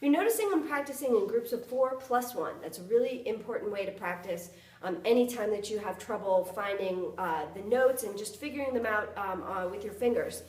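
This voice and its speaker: A woman's voice: mid-range voice, animated, a little fast, darkish tone. A woman flute instructor giving a lesson, counting beats aloud and singing articulation syllables. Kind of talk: music lesson, counting and demonstrating. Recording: echoey room, voice from a distance. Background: flute playing.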